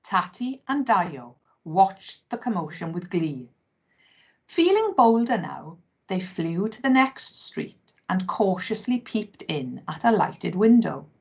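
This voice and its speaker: A woman teacher reading a children's story aloud with expressive, dramatic storytelling. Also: medium pitch, slow, creaky, breathy edge. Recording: dull lo-fi recording.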